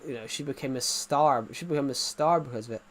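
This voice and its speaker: Against slight background noise, a young man with a mid-range voice talks quickly during a game livestream. His casual chatter rambles, pokes fun at himself, and veers off course easily.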